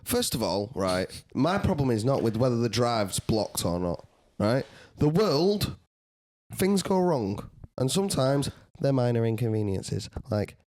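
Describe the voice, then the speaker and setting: A man's voice: mid-range voice, very animated, a little slow, darkish tone. Ranting man, mock-indignant. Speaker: podcast co-host. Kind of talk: casual banter.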